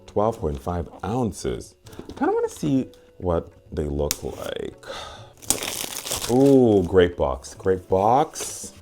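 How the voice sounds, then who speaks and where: A man hosting a casual unboxing vlog, playful and gushing, with sudden high squeals. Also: a little mellow. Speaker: candle and perfume reviewer.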